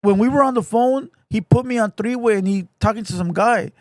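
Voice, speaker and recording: High pitched dude ranting on a livestream, cussing, slangy, keeps saying bro, dry close sound. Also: male voice, fairly quick, no room sound. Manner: profane, slangy, animated retelling; repeats phrases, addresses listener as bro. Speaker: livestream host. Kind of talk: casual livestream storytelling.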